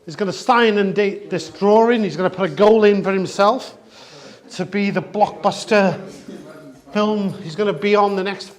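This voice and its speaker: A man's voice: high voice, moderate pace. A man in playful casual banter, teasing and prompting his co-host.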